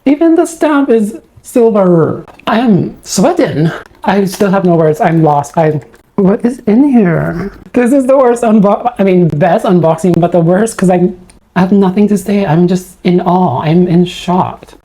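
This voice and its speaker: A woman vlogging an unboxing, gushing and awestruck, shaky with excitement and keeps losing her words. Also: fairly low pitch, a little slow.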